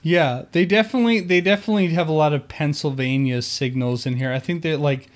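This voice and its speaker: A man's voice: fairly high pitch, brisk. A man co-hosting a podcast, chatting casually about a movie with easygoing hesitations and frequent laughs. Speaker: podcast co-host reviewing a movie. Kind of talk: casual chat.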